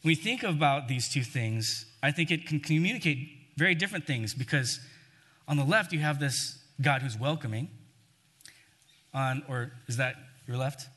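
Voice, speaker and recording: Conversational male preacher with a bright voice. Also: fairly high pitch, moderate pace, long reverb tail. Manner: conversational, acts out scripture quotes. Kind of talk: sermon.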